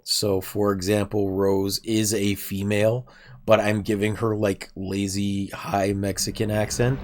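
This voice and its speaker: A man's voice: fairly low pitch, flat delivery, measured pace. A man streaming a game, chatting casually and self-deprecatingly with viewers while nursing a sore throat. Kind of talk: casual gameplay livestream chat.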